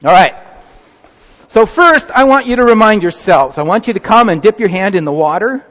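A man's voice: sits high, big pitch swings, normal speed, a bit bright. A man serving as pastor, giving a children's sermon and coaxing the congregation into a group activity in a church sanctuary. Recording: muffled sound in a reverberant church.

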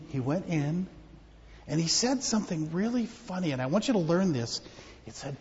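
Animated pastor telling children a story. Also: male voice, a little high, moderate pace, in a large hall, dull audio, slight background noise. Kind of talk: children's sermon. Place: church.

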